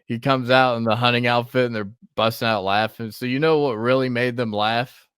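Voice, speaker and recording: A man's voice: mid-range voice, fairly even intonation, brisk, a bit bright, clear, resonant tone, dry recording, clean studio sound. A man hosting a podcast in casual chat, laughing often and swearing freely. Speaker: podcast host.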